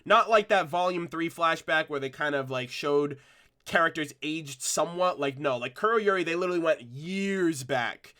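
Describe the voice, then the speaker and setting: A man's voice: on the high side, normal speed, pushed and bright. A young man hosting a livestream, rambling in casual commentary with lots of restarts and fillers. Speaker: streamer discussing a cartoon episode.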